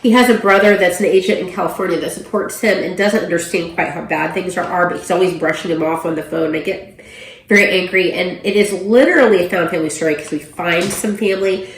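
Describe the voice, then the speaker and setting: A woman's voice: on the low side, quick pace, slight background noise. A woman giving a casual book review, chatty and full of ums and you-knows. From Oklahoma, USA. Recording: roomy echo.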